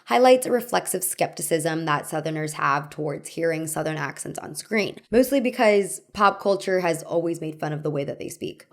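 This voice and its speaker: A young woman hosting a video essay, narrating from a script in a conversational, wry way with light humor. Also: on the low side.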